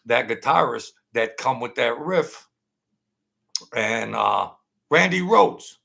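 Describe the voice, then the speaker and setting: A man hosting his own channel, telling a long casual story in a rambling, halting way, full of fillers and restarts. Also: mid-range voice, lively intonation, creaky, a bit bright. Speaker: channel host telling stories.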